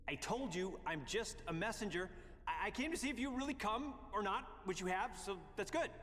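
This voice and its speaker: Brief: a flippant young messenger, high and bouncy, in a roomy, reverberant game cutscene. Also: male voice, animated, brisk, fairly bright tone, a little hiss or hum. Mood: cheeky. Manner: flippant, jokey, easily amused. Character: wisecracking young male messenger, cheeky. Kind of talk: video game cutscene acting. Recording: roomy long reverb, faint game ambience.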